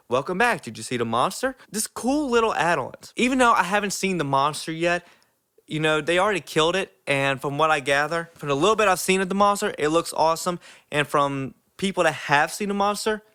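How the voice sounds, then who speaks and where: A man's voice: on the high side, bright, forceful tone. A young man giving an enthusiastic, casual theme park ride review, full of "like" fillers.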